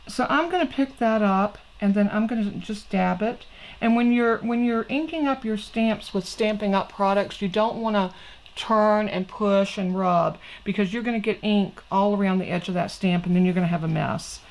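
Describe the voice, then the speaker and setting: A woman's voice: medium pitch, moderate pace, poor audio. A middle-aged woman, hosting a casual craft tutorial in a chatty, folksy way and talking straight to her viewers. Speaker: crafting channel host.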